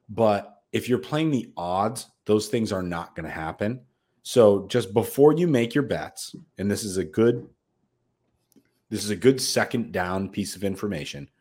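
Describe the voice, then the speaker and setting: Brash guy on a betting podcast, swearing a lot, lowish voice, hyped about his picks. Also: animated, measured pace, a little mellow. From United States. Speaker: podcast co-host. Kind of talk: casual sports betting chat.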